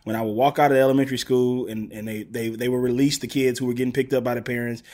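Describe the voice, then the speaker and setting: A man, a podcast guest telling a long story. His voice sits at an ordinary mid pitch, and he jumps into other people's voices as he goes. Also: quick pace. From US South, Gulf Coast. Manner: animated storyteller, acts out quotes. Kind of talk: casual storytelling interview.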